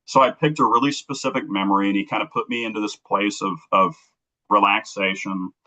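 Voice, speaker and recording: A man's voice: fairly low pitch, fairly even intonation, a little fast, sharp tone, low-quality recording. A middle-aged man, an interview guest, earnestly telling a personal story on a livestream and acting out remembered dialogue.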